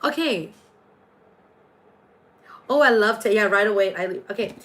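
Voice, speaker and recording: A woman's voice: mid-range voice, animated, measured pace, fairly bright tone, low-quality recording. A woman hosting a casual astrology and tarot livestream, chatty and playful, jumping between viewer comments.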